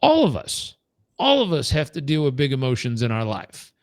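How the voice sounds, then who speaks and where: A man in his thirties leading a live coaching training, telling stories and acting out quoted voices with big jumps in pitch. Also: huge pitch swings, normal speed, no echo. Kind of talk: live training talk with storytelling.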